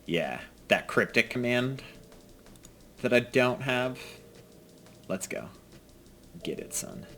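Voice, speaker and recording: A man's voice: medium pitch, big pitch swings, takes it slowly, vocal fry, pauses often, a bit bright, a little hiss or hum. A man giving casual, self-mocking commentary while playing a card game, dropping to mutters and jumping to outbursts. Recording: faint music behind.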